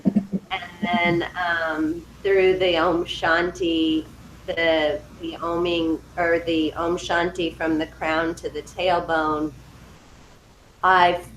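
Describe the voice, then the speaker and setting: A woman's voice: fairly low pitch, steady tone, takes it slowly, a little hiss or hum. A woman describing her meditation experience over a video call, hesitant and searching for words. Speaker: meditation student. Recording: roomy video call audio.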